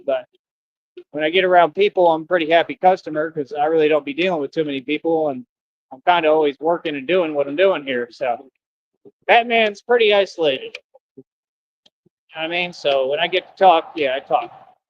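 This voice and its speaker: Slangy, confrontational male streamer, fairly high voice, rambling outdoors near traffic; lo-fi stream sound. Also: fairly quick, pauses often. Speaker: costumed livestreamer. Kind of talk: casual rambling livestream talk. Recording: dull lo-fi stream audio.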